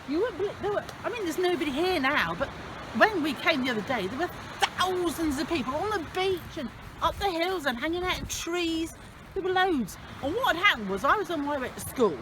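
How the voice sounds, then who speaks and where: A woman's voice: high-pitched, background noise. A woman playing a superhero storyteller, chatting straight to children as she tells her tale.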